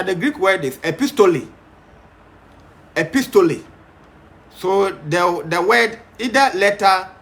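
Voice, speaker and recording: A man's voice: fairly high pitch, fairly bright tone. A man teaching a Bible study in an emphatic, stern, repetitive way, with frequent fillers.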